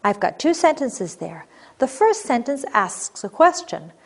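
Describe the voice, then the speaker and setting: A woman teaching a recorded grammar lesson, reading example sentences clearly and expressively, then explaining them. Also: on the high side, sing-song, a little slow.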